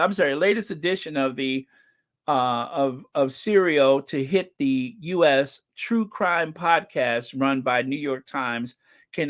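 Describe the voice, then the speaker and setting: A man's voice: on the high side, a bit bright. A man hosting his own online channel, chatting casually, reading viewer comments aloud and laughing often as he talks. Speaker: channel host.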